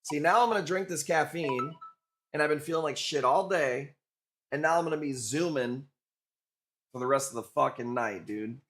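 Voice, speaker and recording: A man's voice: on the high side, moderate pace, a bit bright. A man from Illinois hosting a live coral auction stream, chatting loosely with viewers in a profane, joking way. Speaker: livestream host selling coral. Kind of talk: casual livestream auction chat.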